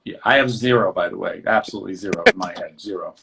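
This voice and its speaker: A man hosting a casual interview, animated and loose, riffing on his theories with plenty of swearing. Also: sits low, fast talker, vocal fry. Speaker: host.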